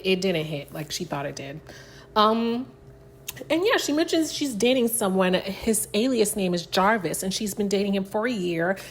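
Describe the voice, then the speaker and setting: A woman hosting a casual reality TV recap, chatty and gossipy, slipping into animated quoted voices. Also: medium pitch. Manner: chatty, animated, gossipy, uses "child" and "girl". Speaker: recap host.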